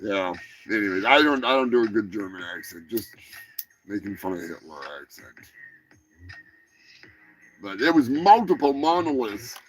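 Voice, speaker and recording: A man's voice: medium pitch, expressive, normal speed, pauses often, faint music behind. A man hosting a comedy news show, rambling through crude jokes and profane asides. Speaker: host. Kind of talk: casual comedy chat.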